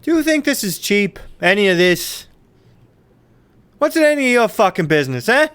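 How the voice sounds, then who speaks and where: A man's voice: sits high, big pitch swings, a bit bright, clear, resonant tone, pitched above the performer's own voice. A man, the game master, playing a volatile male crime boss who talks bluntly, swears, and threatens. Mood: angry. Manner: blunt, menacing, quick to swear.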